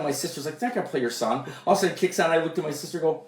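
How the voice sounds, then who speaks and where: Man, casual storytelling chat, animated quoted voices, roomy echo, set back from mic. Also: on the high side, very fast. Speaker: musician and producer. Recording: echoey room, mic at a distance.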